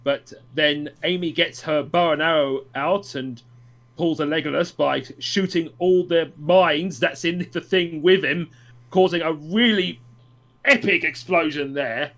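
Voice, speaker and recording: Male podcast co-host, fairly high voice, halting delivery full of ums. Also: a bit bright. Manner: hesitant, many ums and uhs. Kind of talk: casual podcast chat, comic synopsis.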